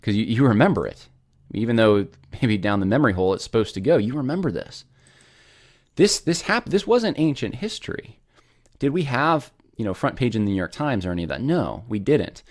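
A man's voice: mid-range voice, big pitch swings, a little fast. A man hosting a casual commentary show, earnest and rambling with many restarts.

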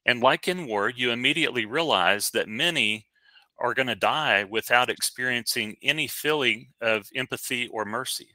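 A man's voice: medium pitch, moderate pace, bright, forceful tone, no room sound. A man co-hosting a casual podcast, talking in a chatty, rambling way with many fillers and restarts. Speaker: podcast co-host. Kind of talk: casual podcast movie review.

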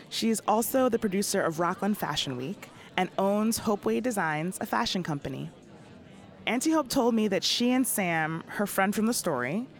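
A woman host reading scripted narration in a clear, measured way. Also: mid-range voice. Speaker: podcast host.

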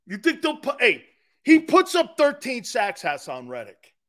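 A man's voice: very high-pitched, wildly swooping pitch, a little slow, pushed and bright. A man hosting a sports talk show, brash and profane, rambling and talking straight to his listeners, edgy from short sleep. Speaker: sports radio host.

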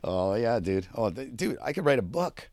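A man co-hosting a casual podcast, telling stories in a lively, profane way and shouting out quoted lines. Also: medium pitch, moderate pace, no echo, clean studio sound. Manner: animated storyteller, swears a lot, acts out shouted quotes. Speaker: podcast co-host. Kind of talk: casual storytelling chat.

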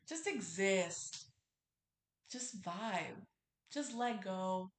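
A young woman chatting alone on her podcast in a loose, rambling way, full of fillers and casual swearing. Her voice sits a little low, and the room around her mic gives it a noticeable echo. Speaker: podcast host. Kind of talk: casual solo podcast chat.

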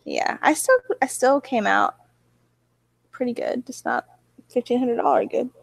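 A woman's voice: high-pitched, unhurried, vocal fry, no room sound. A woman with a Southern US accent, co-hosting a podcast in casual chat and telling stories at length while acting out her own reactions. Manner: rambling storyteller, acts out her own reactions. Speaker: podcast co-host.

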